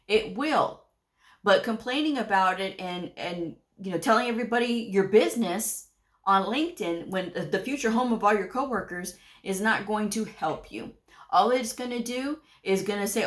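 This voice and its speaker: A woman's voice: medium pitch, moderate pace. Blunt no-nonsense woman giving advice. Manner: blunt, scolding, folksy with y'all. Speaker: medical coding channel host. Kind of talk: direct-to-camera advice vlog.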